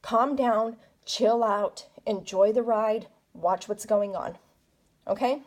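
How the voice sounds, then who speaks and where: A woman's voice: on the high side, slow. Chatty woman card reader, coaching tone. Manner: chatty, coaching, asks rhetorical questions often. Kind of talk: casual spoken card reading.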